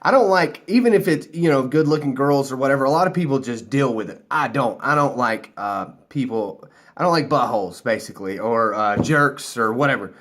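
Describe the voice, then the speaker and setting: A man's voice: mid-range voice, expressive, a little fast, fairly bright tone. An American man telling a rambling story casually to camera, loose and a few drinks in. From United States. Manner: rambling, laughing, loose and chatty. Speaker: vlogger.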